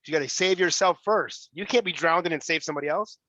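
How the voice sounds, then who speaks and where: A man's voice: a little high, fast talker, pushed and bright, dry recording, poor audio. A man giving blunt, profane motivational talk as an interview guest, often repeating words as he starts a thought.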